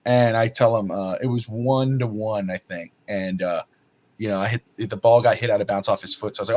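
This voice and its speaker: A man, a father and podcast host, chatting casually and acting out quoted lines in a loud, animated way. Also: lowish voice, a little fast, highs cut off. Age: adult father. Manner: animated storyteller, acts out quotes loudly. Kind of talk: casual chat.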